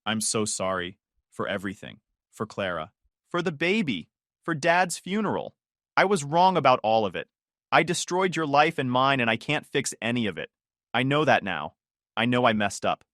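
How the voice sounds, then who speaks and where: A man's voice: medium pitch, sing-song, normal speed, a bit bright, no room sound, studio quality. A man voicing a desperate drunk brother, voice breaking. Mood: sobbing apology. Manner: pleading, voice breaking.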